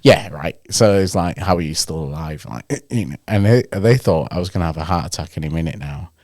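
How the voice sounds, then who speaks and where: A male podcast co-host tells a story in a casual chat, animatedly acting out the people he quotes. His voice is low and a little fast, recorded with studio quality and no echo.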